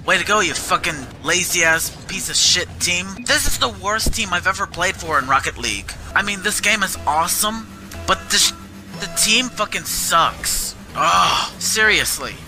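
A man's voice: high voice, expressive, unhurried. A man giving gameplay commentary, ranting angrily and cursing constantly at his teammates and the game. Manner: angry profane ranting, frequent cursing. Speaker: gamer. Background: game music.

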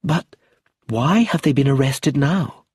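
A man's voice: medium pitch, slow, breathy edge, no echo, clean studio sound, voice pushed up. A man reading an audiobook, voicing a composed, firm young woman in a slightly raised voice. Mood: troubled. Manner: calm, firm.

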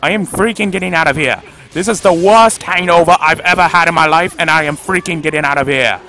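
A young man giving comedic gameplay commentary, goofy and jokey with loud shrieking outbursts. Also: a little high, fairly quick, soft background music. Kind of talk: comedic let's play commentary.

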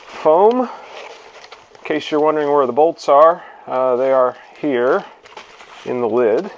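A man's voice: a little high, takes it slowly, lo-fi sound, a little hiss or hum. Man thinking aloud in his garage. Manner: relaxed, thinking aloud with fillers and restarts. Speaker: video host. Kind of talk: casual hands-on demonstration. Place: home garage.

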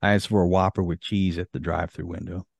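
A man's voice: sits low, little pitch movement, fast talker, vocal fry, no echo. A man hosting a podcast in casual chat, easygoing and reading from an article. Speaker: podcast host.

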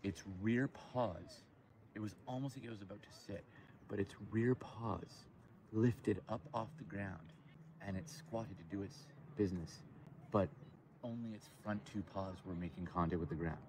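A man hosting a casual outdoor live stream by a lake, joking and rambling in an animated way. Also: on the low side, moderate pace, a little hiss or hum.

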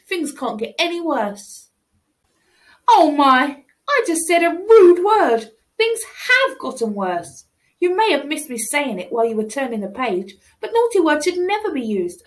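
A woman reading a children's picture book aloud, animated and exclaiming, with pleading asides. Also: high-pitched. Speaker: storybook reader.

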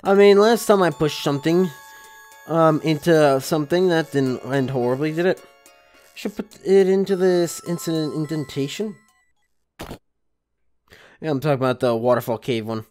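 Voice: mid-range voice, moderate pace, pauses often, soft background music. A let's-play gamer reading game dialogue aloud and chatting between lines. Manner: animated, chatty reading with asides.

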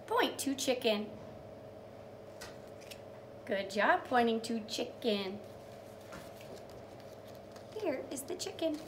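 A woman's voice: fairly high pitch, lively intonation, noisy background. A young woman teacher reading a picture book to small children, sing-song and encouraging, praising each step and acting out animal sounds. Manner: drawn-out storytelling with animal sounds.

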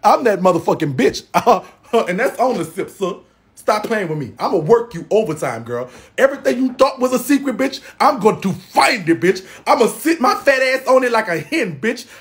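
Sassy man with a lively high voice. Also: moderate pace. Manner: sassy, profane, dramatic; loud exclamations with laughter. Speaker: gossip vlogger. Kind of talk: casual gossip commentary.

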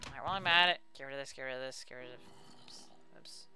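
A man's voice: mid-range voice, quick pace, sharp tone, soft background music. A man hosting a casual let's play, chatting to viewers and poking fun at himself. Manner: chatty and self-mocking, talks to viewers.

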